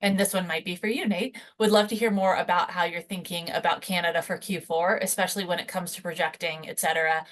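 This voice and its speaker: A woman hosting a webinar with a friendly, quick way of moderating. She hands questions to guests and keeps things moving. Her voice sits on the low side for a woman. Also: steady tone, fairly bright tone. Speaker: webinar host.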